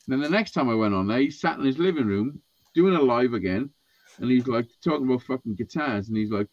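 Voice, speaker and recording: A man in relaxed podcast chat spins a meandering, profane story, voicing the quotes of the people involved with lots of animation. He speaks fairly quickly at medium pitch, and the dry recording has a dull, lo-fi sound.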